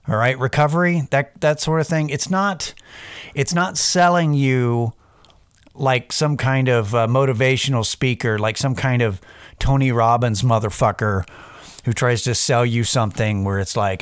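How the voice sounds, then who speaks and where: A man's voice: mid-range voice, lively intonation, unhurried, no room sound, studio quality. A man giving a casual, rambling sobriety pep talk, self-deprecating and profane, drifting into digressions. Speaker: podcast host.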